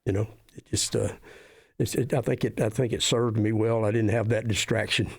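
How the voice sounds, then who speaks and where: A middle-aged man speaks as a guest in a casual interview. His voice sits somewhat low and sounds dry and close. He talks haltingly, repeating words as he gets going. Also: steady tone, gravelly, breathy edge, no echo. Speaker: wrestling referee, guest.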